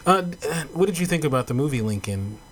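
A man's voice: mid-range voice, sing-song, fast. A man interviewing a guest, asking long rambling questions with fillers.

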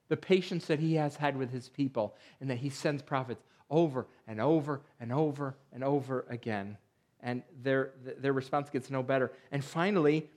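A man, a pastor, preaching a sermon, reading scripture aloud with rising emphasis and explaining it in plain talk. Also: medium pitch.

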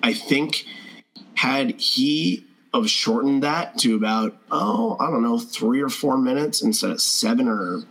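Guy cohosting a podcast, mid-pitched, rambles and swears, lots of restarts. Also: animated, a little slow, fairly bright tone, breathy edge, poor audio. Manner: rambling, profane, frequent restarts. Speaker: podcast co-host. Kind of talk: casual chat.

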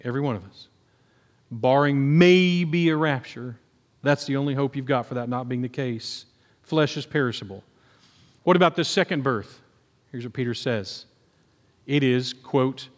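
A man preaching a sermon, moving between quiet scripture reading and excited outbursts. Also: medium pitch. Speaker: pastor. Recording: long hall reverb.

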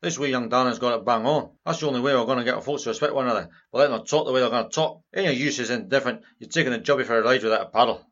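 Man acting out a Glaswegian loudmouth, insulting, combative, fast-talking, muffled lo-fi sound. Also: mid-range voice, lightly acted. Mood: approving. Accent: Glaswegian Scottish. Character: rude foul-mouthed older Glaswegian male librarian.

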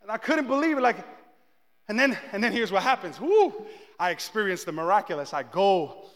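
High-voiced pastor preaching in an echoing hall. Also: male voice, a little fast. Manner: animated, self-mocking storyteller who acts out his own shouting. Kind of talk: sermon with personal storytelling.

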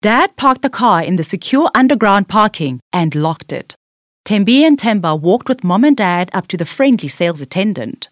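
A woman narrating a children's storybook aloud in a clear, expressive way. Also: mid-range voice, normal speed, dry recording, studio quality.

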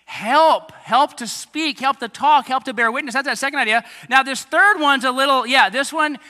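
Bright high-voiced preacher in an echoey hall. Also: male voice, normal speed. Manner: animated, talks straight to a young congregation. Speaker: pastor. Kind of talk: sermon.

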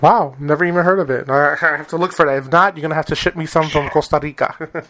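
A man's voice: a little high, fairly even intonation, fast, fairly bright tone. A man hosting a podcast interview, chatty and joking, dropping "man" into his lines. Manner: chatty, jokey, says "man" often. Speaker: podcast host. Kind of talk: casual interview chat. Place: Twin Lakes, Wisconsin.

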